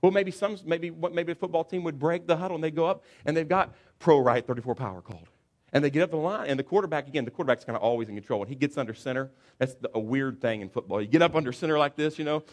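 A man preaching a sermon as pastor, telling a story with animated, acted-out asides. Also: fairly high pitch, fast. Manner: animated storytelling, acts out football players.

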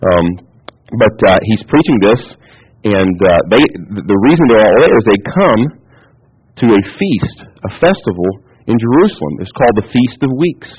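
A pastor preaching a sermon in a teacherly way, often checking in with the congregation. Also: male voice, on the low side, very animated, normal speed, husky. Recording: tinny phone-like audio.

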